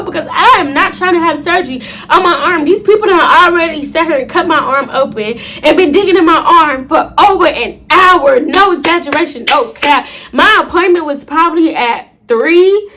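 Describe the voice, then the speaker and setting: A young woman in her late twenties tells a wild personal story to camera, her voice sitting high. She gets dramatic and animated, dropping casual slang and calling out to her viewers as she goes. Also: normal speed, hardly any pauses, a little hiss or hum. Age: late 20s. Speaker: storytime vlogger.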